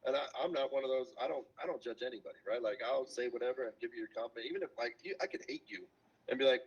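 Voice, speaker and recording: A man talking as a podcast guest in a casual storytelling chat, animated and acting out quotes in different voices. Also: medium pitch, fast talker, slightly rough. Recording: dull lo-fi sound.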